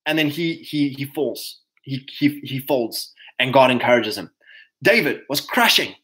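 A man hosting a casual livestream, talking to his viewers in an energetic, preachy way. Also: mid-range voice, a little slow, low-quality recording. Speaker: host.

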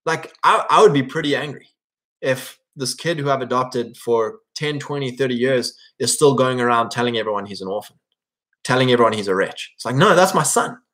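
A man gives a relaxed, conversational sermon. His tone is earnest and exhorting, and he urges his audience on. He often slips into acting out the prayers he quotes. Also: medium pitch, a little fast. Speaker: Christian speaker. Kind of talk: casual sermon.

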